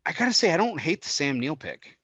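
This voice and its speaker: Man, podcast host, rambling casual talker, bright close dry sound. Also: a little high, sing-song, a little fast, husky, no room sound. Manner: chatty, rambling, laughs a lot. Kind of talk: casual chat. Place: indoors, cigar podcast set.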